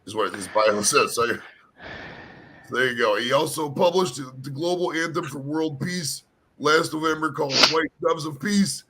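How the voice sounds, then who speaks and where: Casting: male stream host, hoarse, bright tone, loose rambling profane chatter. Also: fairly high pitch, low-quality recording. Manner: rambling, profane, laid-back. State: hoarse from talking all day. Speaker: panel show host. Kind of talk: casual live-stream chat.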